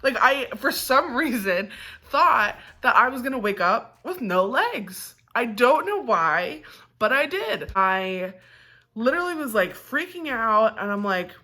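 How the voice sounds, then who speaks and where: Bright-voiced woman telling a candid story. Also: fairly high pitch, big pitch swings, unhurried. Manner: candid, profane, chatty. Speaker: vlogger. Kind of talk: casual storytelling.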